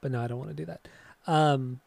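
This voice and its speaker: A man's voice: mid-range voice, brisk, creaky, darkish tone, no room sound. A man co-hosting a casual music podcast, rambling and swearing freely, laughing often. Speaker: podcast co-host.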